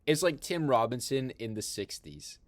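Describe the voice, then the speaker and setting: Excitable young man recapping a film. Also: medium pitch, moderate pace, no room sound. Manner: rambling, excited, full of fillers. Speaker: film discussion host.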